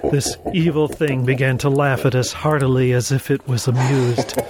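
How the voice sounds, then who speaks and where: A man reading a first-person horror story aloud, dramatic, sinking low and slow on the grim moments. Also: level tone, noisy background. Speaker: narrator.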